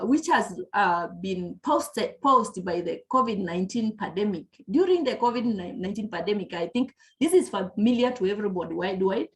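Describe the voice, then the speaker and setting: A woman giving an earnest palliative care lecture over a video call, often restarting her sentences. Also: medium pitch. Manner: earnest, explanatory, frequent restarts. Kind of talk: presentation lecture.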